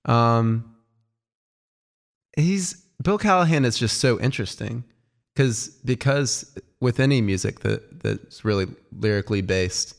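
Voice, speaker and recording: Male co-host, fry in the voice, casual music chat, keen but halting. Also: medium pitch, animated. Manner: enthusiastic but halting, with many ums. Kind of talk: casual album review chat.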